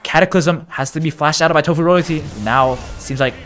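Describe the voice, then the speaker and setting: A man doing live play-by-play commentary of an esports match, getting loud and excited during big plays. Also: a little high, a little fast, soft background music.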